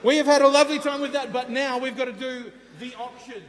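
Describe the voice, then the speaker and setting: A man's voice: extremely high pitch, steady tone, quick pace. An Australian man hosting a convention panel, joking and laughing often while leaning into broad Aussie slang. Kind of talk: comedic live panel banter. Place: convention hall stage. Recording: live hall with long reverb.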